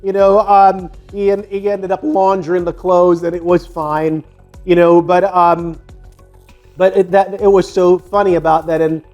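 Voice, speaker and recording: A man's voice: sits high, flat delivery, measured pace, darkish tone, dull audio, soft background music. A man in his fifties from the United States, casually telling a personal story in a rambling way with many fillers and restarts.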